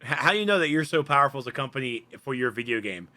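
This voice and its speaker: Animated bright-voiced man cracking crude jokes. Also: mid-range voice, very fast, dry recording. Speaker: podcast co-host. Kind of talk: casual chat.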